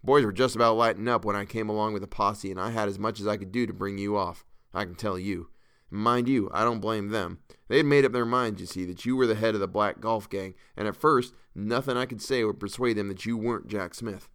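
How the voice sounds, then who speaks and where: A man's voice: fairly low pitch, brisk, a bit bright, clean tone. A man voicing a plain-spoken frontier sheriff who talks in an easygoing, matter-of-fact way.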